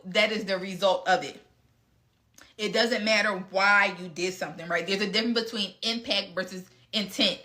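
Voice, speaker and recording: Woman host, frank and direct, bright forceful tone, live casual Q&A. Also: mid-range voice. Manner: frank and blunt, with mild cursing. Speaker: speaker answering audience questions.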